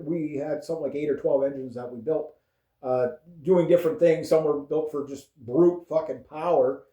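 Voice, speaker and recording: Canadian male vlogger, mellow voice sitting a touch high, rambles and swears, roomy echo. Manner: rambling, profane, with frequent fillers and chuckles. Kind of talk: casual political rant. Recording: echoey room.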